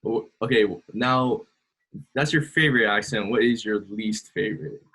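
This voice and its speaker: A man's voice: lowish voice, moderate pace, sharp tone, breathy edge. A man co-hosting a casual interview, laid-back and slangy.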